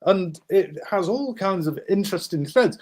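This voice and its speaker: In a high-pitched voice at normal speed, this guest author narrates a wartime episode over a set of maps. He performs the figures in the story energetically, though his telling is peppered with fillers and restarts.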